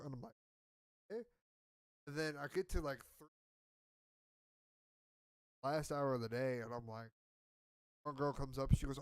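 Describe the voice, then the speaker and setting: A man's voice: medium pitch, a little slow, long pauses, no echo. A man telling a story on a podcast in a rambling, profane, self-mocking way. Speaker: podcast co-host. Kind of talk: casual storytelling.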